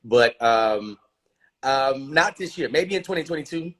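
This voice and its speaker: A comedian joins a live-streamed talk show as the guest, speaking at a medium pitch with a slightly husky edge. He jokes with the host and teases the viewers in loose, playful chat. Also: lively intonation, measured pace, fairly bright tone. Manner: playful, joking, teasing the audience. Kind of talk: casual interview chat.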